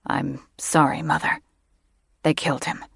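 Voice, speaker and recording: Somber young dragon son, a woman narrator doing him, low shaky voice, audiobook. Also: level tone, unhurried, creaky, a bit bright, husky, no echo, studio quality, full character voice.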